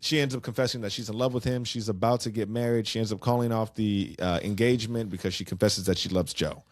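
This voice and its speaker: A man co-hosting a podcast, casually recapping a musical's plot in an animated, slangy way. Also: fairly low pitch, quick pace, no echo. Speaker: podcast co-host.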